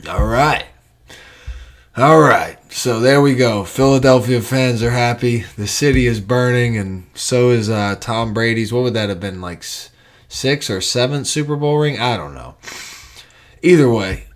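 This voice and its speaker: A man's voice: mid-range voice, moderate pace. A young man hosting a podcast, rambling and joking through sponsor reads. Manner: rambling, joking, self-mocking. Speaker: podcast host. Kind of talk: casual podcast talk and ad reads.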